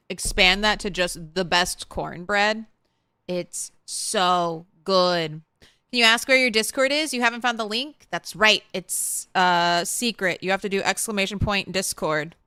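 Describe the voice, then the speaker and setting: A woman's voice: medium pitch, pushed and bright, clear, resonant tone, no room sound, clean studio sound. A woman from the Southern United States streaming a game and chatting with her viewers in a blunt, talkative way, swearing and laughing now and then. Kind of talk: casual chat while streaming a game.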